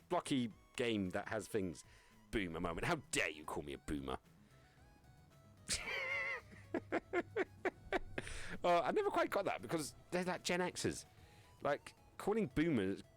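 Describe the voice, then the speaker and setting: A man's voice: medium pitch, huge pitch swings, a little slow, long pauses, faint music behind. A young man streaming live, chatting casually with viewers, reading chat aloud and joking around. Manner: rambling, joking, reads chat aloud and laughs often.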